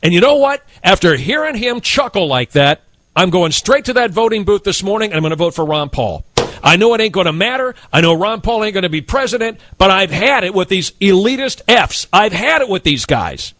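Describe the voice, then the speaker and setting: Fiery, blunt radio talk host. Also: male voice, high-pitched, sing-song, fairly quick, a bit bright, no room sound, clean studio sound. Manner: fiery, blunt, emphatic and indignant. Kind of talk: heated talk radio rant. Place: radio studio.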